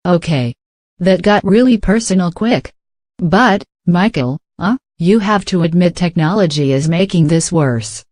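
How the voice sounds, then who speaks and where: A man's voice: high-pitched, expressive, a little slow, darkish tone, dry recording. A man from Africa hosting a late-night comedy show, delivering a scripted monologue and playing the dry, incredulous straight man.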